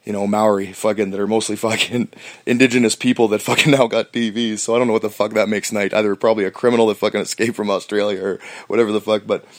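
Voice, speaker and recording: Canadian male podcast host, fast talker, profane stammering ramble, lowish dry voice. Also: flat delivery, no echo. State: stoned. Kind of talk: rambling casual monologue.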